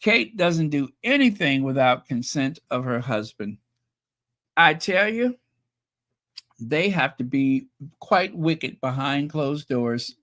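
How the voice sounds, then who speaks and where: A man's voice: fairly high pitch, very animated, takes it slowly, fairly bright tone. A man hosting a live stream, reading royal news reports and viewer comments, then adding sarcastic, chatty asides with fillers. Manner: chatty, with fillers and self-corrections. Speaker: YouTube royal news host.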